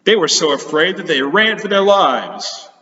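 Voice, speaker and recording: A man teaching children, reading a storybook aloud in a playful, chatty and expressive way. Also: sits high, normal speed. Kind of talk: storybook read-aloud for kids. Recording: echoey hall, dull lo-fi sound.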